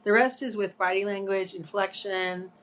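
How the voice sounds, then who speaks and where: Female co-host, mid-pitched, chatty and explanatory. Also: steady tone, normal speed, a bit bright. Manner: explanatory, gives examples. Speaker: podcast co-host. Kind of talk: casual chat.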